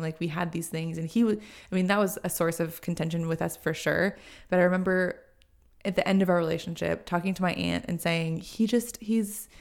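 A woman's voice: on the low side, vocal fry, darkish tone. A young woman co-hosting a podcast, chatting casually and rambling, often restarting her sentences and acting out quotes. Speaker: podcast co-host. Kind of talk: casual chat.

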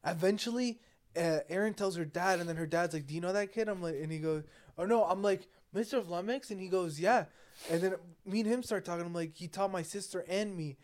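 A man's voice: high-pitched, a little fast. A young man co-hosting a podcast, telling rambling, profane stories full of quoted voices in a casual chat. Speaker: podcast co-host.

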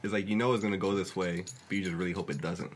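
Fast, filler-heavy young man, low voice, faint ambience behind. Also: steady tone, a little hiss or hum. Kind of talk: casual chat.

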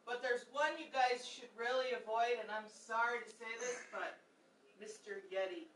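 A woman's voice: on the high side, steady tone, normal speed, fairly bright tone. A woman co-hosting a casual podcast, chiming in with short, blunt remarks. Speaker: podcast co-host. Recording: distant, roomy, faint hiss.

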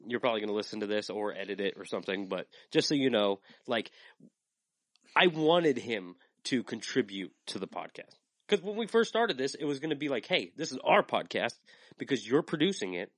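Lively, rambling male podcast host. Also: medium pitch, fairly quick, no room sound. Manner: earnest, rambling with many likes. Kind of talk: casual chat.

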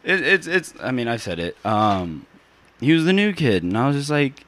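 A man's voice: medium pitch, fairly quick. A young man co-hosting a casual chat among old friends, telling stories with lots of swearing and restarts. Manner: animated storytelling, swears, restarts.

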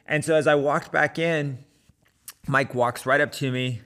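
Casting: middle-aged man, casual storyteller, halting delivery with lots of fillers. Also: fairly high pitch, steady tone, fairly bright tone. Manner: conversational with frequent fillers and restarts. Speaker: runner telling a personal story.

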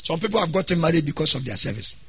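Hoarse preaching pastor, high and bright. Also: male voice, big pitch swings, racing. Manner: preaching with sudden loud exhortations and sung phrases. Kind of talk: sermon.

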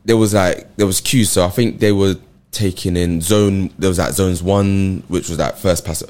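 A man chatting casually, slangy and quick to laugh. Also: low-pitched, steady tone, a little mellow. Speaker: friend in group chat. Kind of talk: casual chat.

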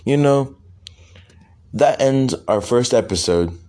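A young man improvising a rambling, profane comic story, with halting restarts. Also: mid-range voice, expressive, mellow.

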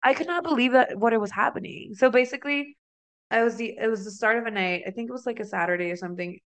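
A young woman from Mexico chatting on her podcast, her voice smooth and clear. She tells stories casually and acts out the quoted lines. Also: on the high side, fast talker. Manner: chatty, animated storyteller who acts out quoted dialogue. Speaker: podcast co-host. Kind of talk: casual chat, storytelling.

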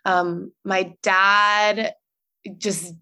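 A young woman, a podcast guest, telling a personal story in a chatty way, full of likes and ums and quick laughs. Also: mid-range voice, little pitch movement, pushed and bright. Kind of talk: casual storytelling.

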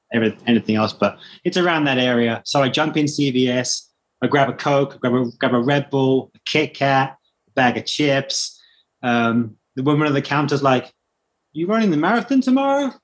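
A man with a British accent tells a long personal story in a relaxed, conversational way. He slips into the voices of the people he met as he goes, keeping the telling lively. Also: medium pitch, normal speed, highs cut off. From Britain. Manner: animated anecdote telling, acting out quoted voices. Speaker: guest runner. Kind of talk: casual storytelling.

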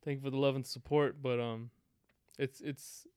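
A man's voice: medium pitch, steady tone, normal speed, a little mellow, clear, resonant tone, dry recording, clean studio sound. A man from Guam co-hosting a podcast, telling a story in an easygoing, slightly hesitant way. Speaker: podcast co-host. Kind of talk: casual chat.

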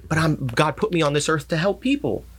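A pastor in casual conversation, telling stories and acting out the people in them. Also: male voice, a little high, lively intonation, brisk, husky. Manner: storytelling, acts out quoted voices. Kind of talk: casual faith talk.

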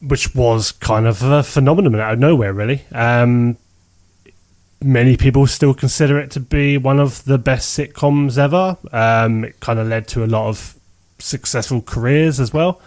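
A man co-hosting a podcast, his voice pitched mid-range. He jokes with dry humour and pauses often with ums. The talk is loose and casual. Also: darkish tone. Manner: dry, joking, with many ums. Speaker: podcast co-host. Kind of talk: casual chat.

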